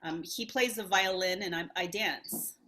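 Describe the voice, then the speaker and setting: A woman sharing her thoughts in a casual group video call, thoughtful and hesitant, with many pauses and fillers. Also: lowish voice, sharp tone, slight background noise. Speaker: study group participant.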